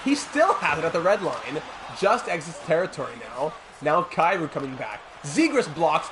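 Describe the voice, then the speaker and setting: With a crowd in the background, a man speaks in a fairly high, sing-song voice at a moderate pace with few pauses. He gives pretend sportscaster calls while streaming a hockey video game and chats with viewers between plays.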